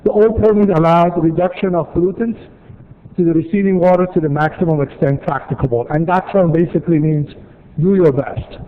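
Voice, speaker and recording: A man's voice: fairly high pitch, steady tone, fast talker. A man from city staff presenting at a council meeting, explaining rules step by step with repeated points and dry asides. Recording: tinny, phone-like archive audio.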